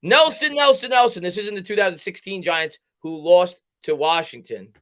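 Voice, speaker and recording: A man hosting a live sports talk stream, upbeat and quick, reading out viewer names and thanking them. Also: high-pitched. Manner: fast, energetic, shouts out chat names. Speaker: livestream host.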